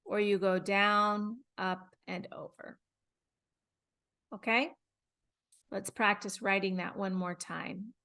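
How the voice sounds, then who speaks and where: Very slow, careful woman teacher. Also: mid-range voice, flat delivery, bright, forceful tone. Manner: slow, deliberate, demonstrating mouth positions and repeating sounds. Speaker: English teacher. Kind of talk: phonics lesson.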